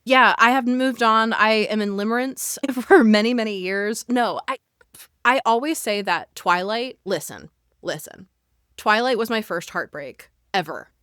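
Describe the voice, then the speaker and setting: A woman's voice: a little high, unhurried, a bit bright, clear, resonant tone, no room sound, studio quality. A woman guesting on a book podcast, gushing emphatically and swearing freely. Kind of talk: casual chat.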